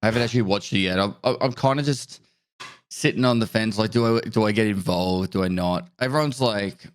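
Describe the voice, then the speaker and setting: A man's voice: on the low side, fairly quick. A man on a podcast, chatting casually and rambling with lots of fillers. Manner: laid-back rambling with many fillers. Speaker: podcast guest. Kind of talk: casual chat.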